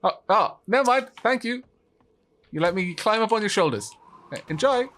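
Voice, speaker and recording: A man hosting a co-op survival game video, thinking aloud about building and bantering with his teammate, apologetic and quick to giggle. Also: high voice, lively intonation, a bit bright, slight background noise. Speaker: gaming channel host. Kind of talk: co-op gameplay commentary.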